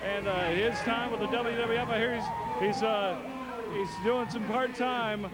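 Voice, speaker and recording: A man's voice: high voice, fairly even intonation, unhurried. A man giving folksy, hesitant color commentary on a wrestling match.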